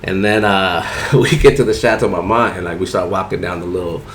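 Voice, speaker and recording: A man's voice: deep voice, brisk, slight background noise. A man casually telling a rambling, profane story in heavy slang, often saying "you know what I'm saying". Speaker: barber telling a story on a podcast.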